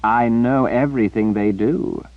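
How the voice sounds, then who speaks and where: Man doing a haughty drawly sorcerer, higher voice, swoopy and scornful, muffled dry audio. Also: unhurried, no echo, natural voice. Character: arrogant, theatrical male sorcerer, haughty and scornful.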